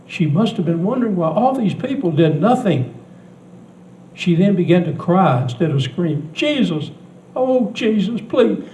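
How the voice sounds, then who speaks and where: An older man preaching a sermon in a church, telling a story earnestly, swinging between hushed and loud delivery. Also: fairly high pitch, reverberant, distant mic, a little hiss or hum, poor audio. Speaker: pastor.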